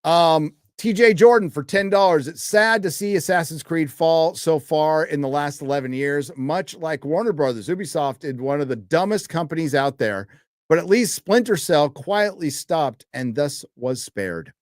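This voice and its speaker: Man, live-stream host, somewhat high voice, dry close sound, offhand and crude, reads chat with lots of ums. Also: animated, normal speed, dry recording. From United States. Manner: offhand, crude, reads chat messages aloud with frequent fillers. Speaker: livestream host reading donations.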